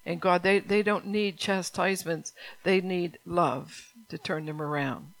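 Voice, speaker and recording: A woman's voice: lowish voice, fairly even intonation, measured pace, gravelly, no echo, low-quality recording. A woman preaching a sermon in a folksy, earnest way, often laughing between points.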